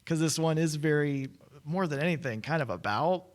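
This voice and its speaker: Young male podcast co-host, slightly higher voice, relaxed chatty delivery. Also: moderate pace. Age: young adult. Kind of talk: casual chat.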